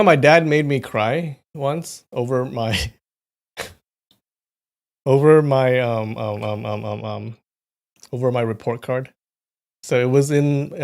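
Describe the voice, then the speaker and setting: A young man hosting a live stream, casually chatting with viewers in a rambling storytelling way and often clearing his throat, at a desk mic at home. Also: medium pitch. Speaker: livestream host.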